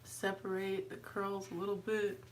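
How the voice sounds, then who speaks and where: A woman's voice: completely flat delivery, a little slow, far from the mic, slight background noise, low-quality recording. A woman talking casually through her hair routine as a vlogger, chatting along as she works. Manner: chatty, talks to her dog in a high sweet voice. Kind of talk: casual hair tutorial chat.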